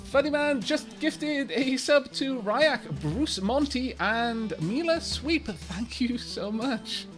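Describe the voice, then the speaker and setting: Chatty excitable guy streaming a game, high voice, bouncy, music faint behind. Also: takes it slowly, hardly any pauses. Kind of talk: live gameplay commentary.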